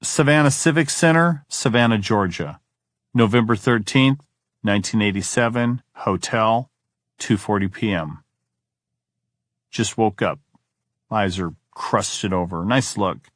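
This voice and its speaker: A man with a fairly low voice reads diary entries aloud for an audiobook. His delivery is weary and brooding, and the recording is dry and close. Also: measured pace, pauses often, dry recording. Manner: weary, brooding first-person reading. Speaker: audiobook narrator.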